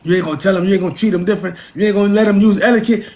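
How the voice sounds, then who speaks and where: Gravelly high-voiced man preaching emphatically. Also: steady tone, racing, darkish tone. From United States. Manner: emphatic, preachy, repetitive, profane. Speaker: vlogger. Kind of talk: casual monologue rant.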